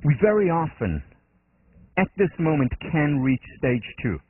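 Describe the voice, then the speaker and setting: A man's voice: on the high side, very animated, a little slow, no room sound. A man with an Israeli accent giving a university lecture, explaining earnestly and acting out quotes in his examples. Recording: dry, phone-like narrow band.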